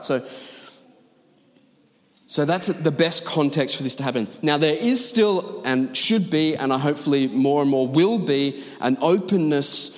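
Pastor, male, mid-range voice, emphatic conversational sermon, big reverberant auditorium. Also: mid-range voice. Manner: emphatic, conversational preaching with asides. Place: large church auditorium. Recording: long reverb of a large hall.

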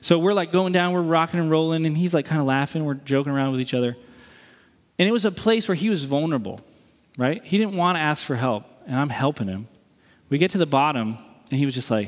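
A pastor from the East Coast preaching a sermon, telling a story with jokes and acted-out quotes, then praying. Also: male voice, fairly high pitch, fairly quick, in a large hall. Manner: animated, acts out quotes, jokey then earnest. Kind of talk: sermon with storytelling and closing prayer.

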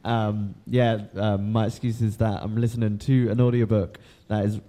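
A man's voice: lowish voice, level tone, normal speed, mellow. A man hosting a podcast in casual chat, rambling with lots of ums, laughing and swearing as he goes. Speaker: podcast host.

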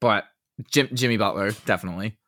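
A man co-hosting a casual sports podcast, hesitant, full of fillers, often trailing off softly at the ends of phrases. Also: on the low side, quick pace, no echo, clean studio sound. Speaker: podcast co-host.

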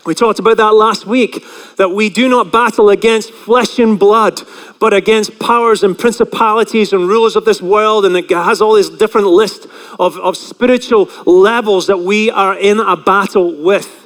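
Give me a high-voiced male pastor who preaches casually and keeps asking the room questions. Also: steady tone, normal speed, a bit bright, in a large hall. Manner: chatty, asks the congregation questions. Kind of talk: sermon.

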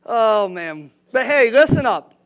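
A man's voice: high-pitched, big pitch swings, measured pace, fairly bright tone. A man preaching a sermon in a church, conversational, often asking the congregation questions. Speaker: pastor.

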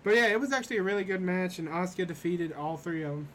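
A man's voice: high-pitched, animated, fast talker, a bit bright, slight background noise. A young man hosting a casual podcast, recapping matches in a rambling way full of fillers. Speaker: podcast host recapping wrestling. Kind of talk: casual chat.

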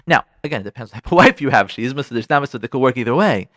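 A man hosts a radio advice show, speaking at a racing clip in a medium-pitched voice. He preaches about marriage with lots of animation, acting out little scenes as he gives relationship advice. The studio-quality recording has no echo.

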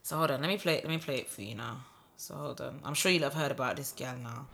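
A woman, co-hosting a podcast in casual, slangy, quick-to-argue chat. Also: a bass voice, gravelly, a bit bright, a little hiss or hum. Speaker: podcast co-host.

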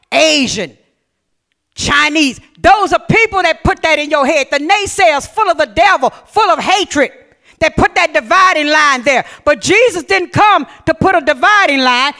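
A pastor preaching a sermon in a strikingly high, bright, forceful man's voice. He reads scripture passages aloud and breaks off to question the congregation directly. At key points he rises to shouted emphasis.

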